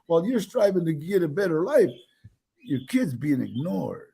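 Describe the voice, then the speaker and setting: An older man telling his own life stories in a casual interview, animated, with many restarts and acted-out quotes. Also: a little high, moderate pace, gravelly, husky. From United States.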